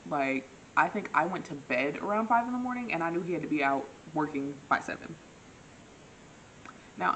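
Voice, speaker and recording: This young woman tells a dating story to her viewers in a casual, joking way. Her voice sits a little low, but it leaps up whenever she acts out what someone said. A faint hiss runs under the recording. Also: poor audio. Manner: animated, acts out quotes with big pitch jumps; self-mocking, laughs often. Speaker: vlogger.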